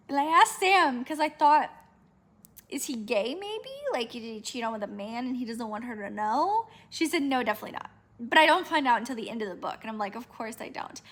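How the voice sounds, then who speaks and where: A young woman, chatting casually in a reading vlog, animated and rambling, swearing often. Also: sits high. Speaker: book vlogger.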